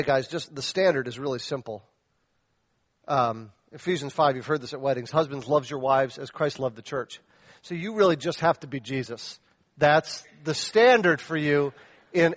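Questioning the congregation's men, this pastor swings from loud exhortation to soft, earnest asides in a passionate, direct sermon. His mid-range voice moves at normal speed, and the recording has no room sound.

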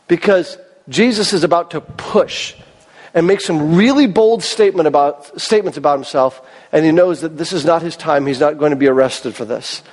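High-pitched guy preaching, voice kinda cracking, big echoey church hall. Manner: earnest, emphatic, asks the congregation questions. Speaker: pastor. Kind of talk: sermon. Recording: long reverb of a large hall.

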